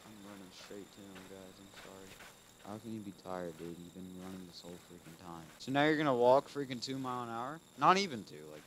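A man hosting a gaming video, commenting casually as he plays, calling out "dude" often and swinging between muttering and loud frustrated outbursts. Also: fairly low pitch, brisk, a little hiss or hum, low-quality recording. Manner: casual, keeps saying "dude". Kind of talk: let's play commentary.

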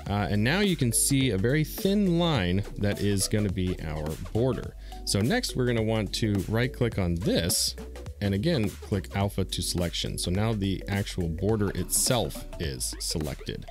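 Low-voiced guy doing a screen tutorial, bouncy intonation, chill and step by step, faint music behind. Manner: relaxed, step-by-step, with fillers and repeats. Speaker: streamer teaching a design tutorial. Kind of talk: screen-recorded software tutorial.

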